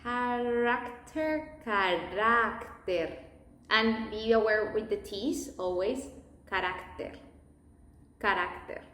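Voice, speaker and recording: A woman teaching pronunciation, modelling words one at a time and deliberately exaggerating sounds so learners can repeat them. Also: medium pitch, steady tone, a bit bright, echoey room. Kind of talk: pronunciation lesson, listen and repeat.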